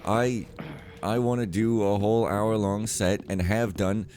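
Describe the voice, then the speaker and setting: At a measured pace, a let's player with a low, steady, darkish voice offers casual gameplay commentary, rambling, ranting, and cutting himself off. A little hiss or hum sits under the recording.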